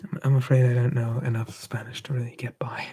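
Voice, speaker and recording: Brief: a man for a whispered ASMR live stream, soft, relaxed, husky whisper. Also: medium pitch, quick pace. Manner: soft unvoiced whisper, relaxed, answering chat.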